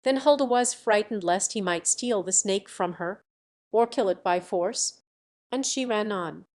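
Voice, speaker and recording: A woman reads a storybook tale aloud in a steady, measured voice. Her pitch sits in the middle range. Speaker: audiobook narrator. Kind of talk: storybook narration.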